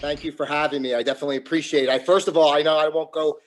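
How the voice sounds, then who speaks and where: A man's voice: fairly high pitch, little pitch movement, racing, slight background noise. A man from New Jersey with an American accent, a guest chatting casually on a video call, rambling and correcting himself. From New Jersey, near Philadelphia. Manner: rambling, self-correcting, chuckles. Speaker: guest, yoga teacher.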